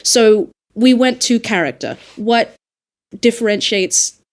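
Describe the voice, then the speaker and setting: In a laid-back podcast chat, a woman who coaches dialects works through ideas as she speaks. Her voice is a little high and her pace slow, but she stays animated and forceful.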